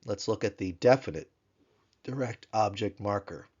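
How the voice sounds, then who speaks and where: A man teaching a grammar lesson in a recorded tutorial, explaining slowly and repeating words so learners can pronounce them. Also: lowish voice, darkish tone, breathy edge, highs cut off. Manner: slow, careful, repeats Hebrew words to drill pronunciation.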